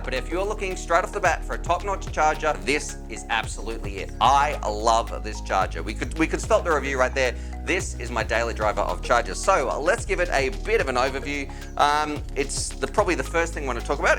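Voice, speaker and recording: Enthusiastic man reviewing gear. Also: mid-range voice. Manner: enthusiastic, chatty, informal slang. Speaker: tech reviewer and channel host. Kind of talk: casual product review.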